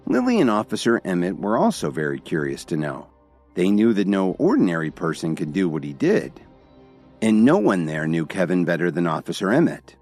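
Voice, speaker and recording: A man's voice: deep voice, big pitch swings, normal speed, a little mellow, soft background music. A man narrating a dramatic story in scripted style, voicing every character himself. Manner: dramatic storytelling, all voices by one reader.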